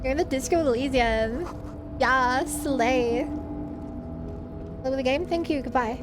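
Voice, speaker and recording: A woman's voice: sits high, slow, over music. A woman putting on a ditzy young valley girl voice, filling every sentence with "like" and slang. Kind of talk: put-on voice for a stream reward.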